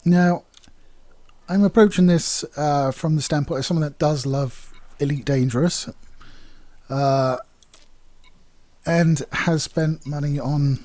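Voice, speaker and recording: A man's voice: on the high side, warm tone, no room sound. A man giving a casual, candid video game review, chatty and rambling with plenty of fillers.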